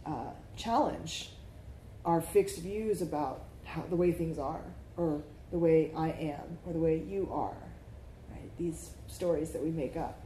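During a reflective dharma talk, a woman meditation teacher invites the group to answer and regularly asks "right?". Her voice is low, mellow, and a little slow, captured in an echoey space with faint background noise.

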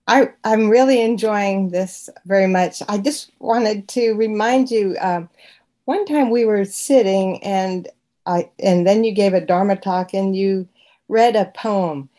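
Woman participant, unhurried gentle speech, hesitant, soft laughs, mid pitch. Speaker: meditation group participant. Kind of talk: casual sharing.

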